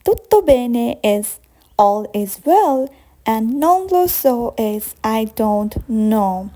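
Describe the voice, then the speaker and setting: Woman language teacher, talks real slow, kinda high voice, repeats every phrase. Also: big pitch swings, dark tone. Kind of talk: slow beginner language lesson.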